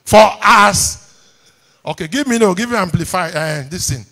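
A high, expressive male voice, pushed and bright, delivers a sermon a little slowly from a church pulpit. The speaker is a pastor with a Nigerian English accent, and he leads his congregation in call-and-response, repeating lines for emphasis and having them say lines back in the church hall.

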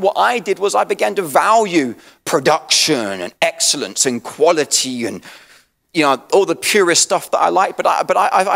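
English guy preaching, gets loud then drops real soft, stumbles and repeats himself a lot. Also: creaky, big-room sound. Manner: swings from soft and low to loud and high with passion; restarts and repeats words, self-deprecating asides. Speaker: pastor. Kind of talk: sermon.

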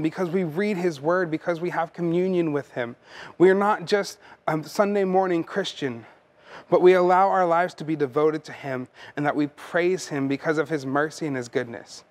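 A man's voice: on the high side, normal speed. A man preaching a sermon as pastor, earnest and conversational, often repeating words as he goes.

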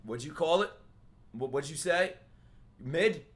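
A man reacting to a video as a streamer, talking loudly and excitedly, swearing often and breaking into sudden outbursts. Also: fairly high pitch, measured pace, husky. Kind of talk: anime reaction commentary.

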